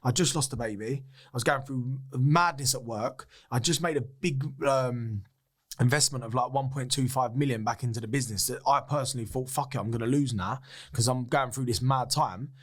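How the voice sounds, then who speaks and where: Animated man telling a story. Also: medium pitch, normal speed. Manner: swears freely, acts out other people's lines; animated, excitable retelling. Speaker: podcast guest. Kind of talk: candid anecdotal storytelling.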